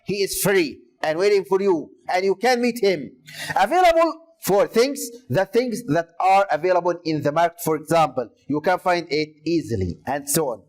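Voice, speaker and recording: High-voiced man teaching English. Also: animated, moderate pace, low-quality recording. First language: Arabic. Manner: explains step by step, repeats key words. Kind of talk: classroom lesson explanation.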